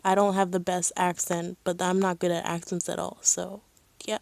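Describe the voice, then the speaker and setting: A woman streaming live, chatting casually and excitedly as a fan, with lots of "like" and "um". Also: on the low side, moderate pace, vocal fry, no echo. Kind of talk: casual chat.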